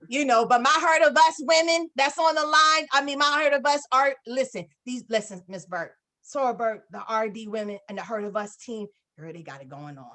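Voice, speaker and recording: A woman's voice: a little high, a little fast, few pauses. Effusive woman on a video call. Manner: effusive, animated storytelling with many fillers. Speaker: guest speaker on a business call. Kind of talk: casual testimonial on a video call.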